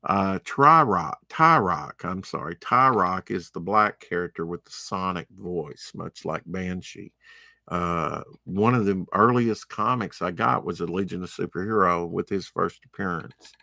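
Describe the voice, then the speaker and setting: A man's voice: low-pitched, unhurried, vocal fry, bright, forceful tone, no echo, clean studio sound. A man giving casual, rambling commentary while unboxing comic books, with chatty, opinionated asides. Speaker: comic book vlogger.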